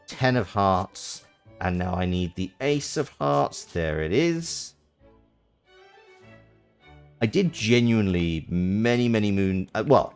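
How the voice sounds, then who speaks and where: A man's voice: deep voice, clear, resonant tone. A British man streaming a game, chatting casually and rambling with restarts. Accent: British English.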